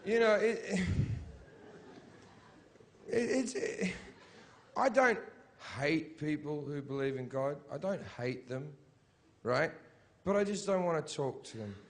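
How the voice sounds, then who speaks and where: Profane, sarcastic stand-up comedian, higher-pitched. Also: male voice, lively intonation, slow, long pauses. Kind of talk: live stand-up routine. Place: live stage show in Britain.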